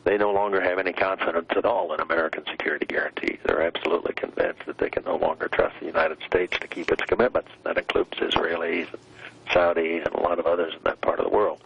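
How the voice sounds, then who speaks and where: An older man, a former vice president, giving measured commentary as an interview guest, pausing often with "uh" as he weighs his words. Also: low-pitched, flat delivery, creaky, slightly rough, muffled recording. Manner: measured, deliberate, many hesitant "uh" pauses.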